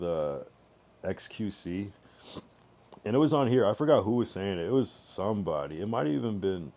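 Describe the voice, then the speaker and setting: A man's voice: sits low, darkish tone. A man streaming live, chatting casually and rambling through his thoughts with many restarts.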